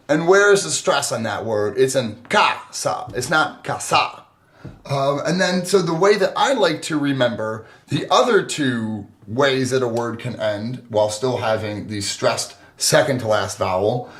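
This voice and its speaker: Upbeat man co-hosting a language podcast. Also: fairly high pitch. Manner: enthusiastic, with lots of fillers and self-corrections. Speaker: podcast co-host. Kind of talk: casual explanatory chat.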